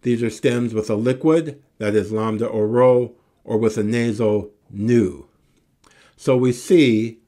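Slow, low-voiced man teaching Greek. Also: a little mellow. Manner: slow, deliberate recitation of word forms; encouraging sign-off. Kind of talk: recorded language lesson.

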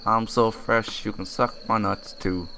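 A man's voice: fairly low pitch, steady tone, measured pace, gravelly, pushed and bright, a little hiss or hum. A young man giving casual, joking commentary while playing a survival game at his computer, swearing freely and bursting into laughter. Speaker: gaming commentator. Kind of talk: casual let's-play commentary.

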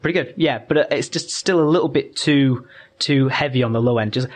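A man's voice: mid-range voice, brisk. Patient man explaining step by step. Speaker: podcast guest. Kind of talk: casual podcast conversation.

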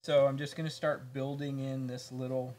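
A man's voice: mid-range voice, moderate pace, slight background noise. A man co-hosting a painting tutorial, chatting casually and thinking aloud as he paints. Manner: relaxed, chatty, thinks aloud while working. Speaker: painting instructor, co-host.

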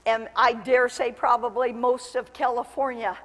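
A woman pastor delivers a lively sermon, moving between storytelling and fervent, shouted appeals. Her voice sits a little high. It rings out with a long reverb through a church sanctuary. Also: moderate pace.

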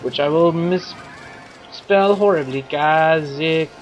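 A man's voice: on the high side, slow, soft background music, poor audio. A man putting on the voice of a cheerful foreign reporter who speaks broken English, during game commentary. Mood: boastful.

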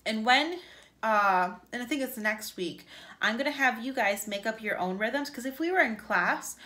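A woman's voice: fairly high pitch, expressive, moderate pace, pushed and bright. A woman music teacher giving an upbeat virtual lesson to young children, chanting rhythms for them to repeat.

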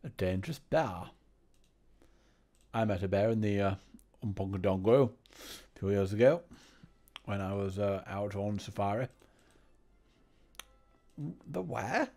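A man playing Sir Jeremy, a gravelly blustering old toff. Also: on the low side, animated, unhurried, pauses often, mellow. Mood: gruff banter. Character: pompous blustering old English gentleman, boastful adventurer. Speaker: game player. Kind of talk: comedic let's-play banter.

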